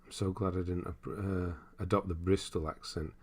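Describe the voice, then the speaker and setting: A young man hosting a casual gaming livestream has a low, husky voice and talks at normal speed. He rambles easily through viewer comments and laughs often as he goes.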